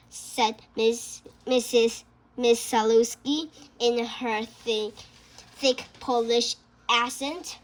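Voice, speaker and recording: A woman reading a children's novel aloud, halting and often stumbling and restarting words. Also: on the high side, steady tone. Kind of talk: storybook read-aloud.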